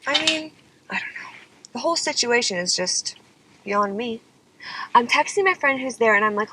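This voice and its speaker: A woman's voice: a little high, expressive, moderate pace, bright, forceful tone, slightly rough, poor audio. A young woman singer telling a personal story in a dramatic, exasperated way, often saying "like" and "okay?". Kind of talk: confessional storytelling vlog.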